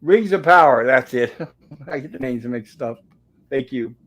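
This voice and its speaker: A man's voice: mid-range voice, animated, measured pace, fairly bright tone. A man hosting a pop culture review show, casually retelling an old sitcom episode scene by scene. He is chatty, laughs easily and sometimes mixes up names.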